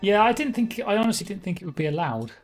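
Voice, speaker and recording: A man's voice: high-pitched, very animated, fast talker, faint music behind. A man giving casual live commentary on a game he is playing. He is wry and mutters to himself, with the odd swear word. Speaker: streamer.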